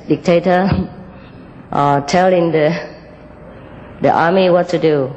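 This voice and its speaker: A woman telling a moral fable and giving a spiritual talk, gently and with frequent small laughs, in loosely built English. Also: on the low side, long reverb tail, a little hiss or hum, rough recording. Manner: gentle, laughs often, unpolished English grammar.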